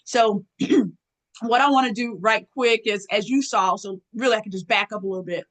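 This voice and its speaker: A woman presenter running a live online workshop, lively and folksy, often clearing her throat as she talks to her audience. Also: medium pitch, moderate pace, rough recording. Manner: lively, folksy, calls audience girl and y'all.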